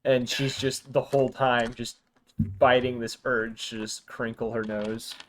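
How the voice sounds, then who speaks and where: A man's voice: medium pitch, flat delivery, measured pace. A man narrating as game master of a tabletop game, chatty and laughing often.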